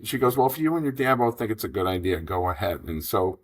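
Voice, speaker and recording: A man in his fifties telling a long business story in an interview, animated and rambling, acting out the dialogue. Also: fairly low pitch, quick pace. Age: 50s. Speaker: franchise investor guest.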